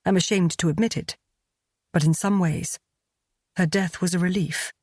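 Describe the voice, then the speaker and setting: A brooding earl with a past he cannot shake, voiced by a woman reading a romance audiobook. The voice sits low and husky, close and dry, and the delivery stays measured and regretful. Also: fairly even intonation, darkish tone, no room sound, lightly acted. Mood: somber. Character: brooding aristocratic earl, burdened by guilt.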